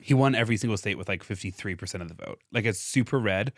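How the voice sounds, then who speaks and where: A man's voice: lowish voice, fast, dry recording, clean studio sound. Chatty young man with a Midwestern accent. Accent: Midwestern American. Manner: loose and conversational, frequent "like", swears casually. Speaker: podcast host presenting research. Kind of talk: casual explainer chat.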